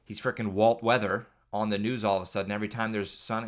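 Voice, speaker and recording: A man's voice: lowish voice, flat delivery, fast, few pauses. A man hosting a podcast, telling rambling, joking stories about parenting. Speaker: podcast host. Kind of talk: casual comedic monologue.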